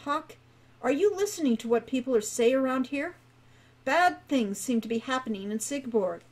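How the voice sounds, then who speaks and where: A woman's voice: high voice, animated, moderate pace. A woman reading the lines of a worried, gloomy teenage boy who keeps warning of danger, in a live reading of a storybook. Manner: fretful, gloomy, quiet.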